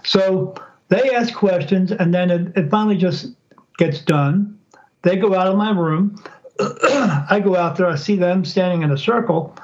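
A man's voice: sits high, a little slow, highs cut off. A man telling a story as a guest in a casual interview. He acts out what other people said by shifting his voice. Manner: animated, acts out quoted speech in changing voices. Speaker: podcast guest, psychic.

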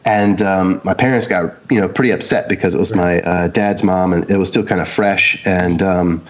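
Here a guest recounts something that happened to him in a low-pitched, steady voice at a moderate pace, though the recording sounds muffled. His telling is casual and wandering, full of "um"s and "like"s, with the quotes acted out.

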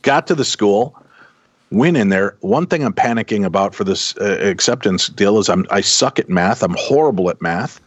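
A middle-aged man casually telling a long personal story, animated and acting out the people in it. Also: lowish voice, normal speed, husky, no echo. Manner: animated anecdotal, voices quoted people. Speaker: podcast guest telling a story. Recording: dull, dry close sound.

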